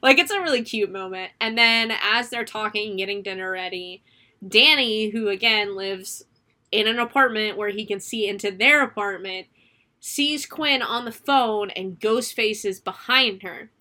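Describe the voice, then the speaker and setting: A woman's voice: mid-range voice, normal speed, sharp tone. A woman co-hosting a casual movie review, retelling scenes animatedly with plenty of swearing and laughter. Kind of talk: casual chat.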